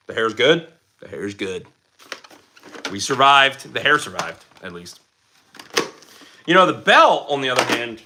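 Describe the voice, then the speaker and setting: A man's voice: medium pitch, sharp tone, a little hiss or hum. A man hosting a casual livestream, reading out chat comments in a playful, goofy way and now and then slipping into silly voices. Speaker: livestream host.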